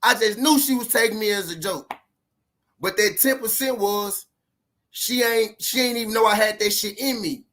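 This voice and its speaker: A man's voice: high-pitched, moderate pace, sharp tone. A man casually telling a relationship story to his viewers, profane and repetitive, leaning hard on his points. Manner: profane, repetitive, emphatic street talk. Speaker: vlogger giving relationship advice.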